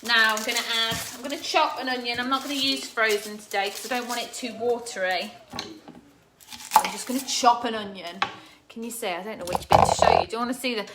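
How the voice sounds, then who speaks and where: Woman, cooking vlogger, casual live chat, slightly high voice, noisy kitchen recording. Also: wildly swooping pitch, a little fast. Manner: chatty, laughs often, talks to live viewers. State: teary from chopping onions. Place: home kitchen.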